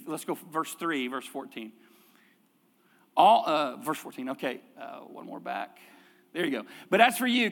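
Middle-aged man, pastor, preaching a sermon; slightly high voice, reverberant church hall. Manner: conversational preaching with rhetorical questions and repetitions. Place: church sanctuary.

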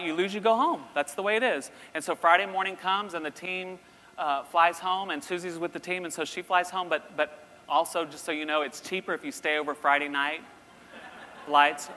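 Animated man telling a story in a hall. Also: on the high side. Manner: animated, acts out voices in his story. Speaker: university president giving a talk. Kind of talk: storytelling sermon. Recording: long reverb in a hall, faint ambience.

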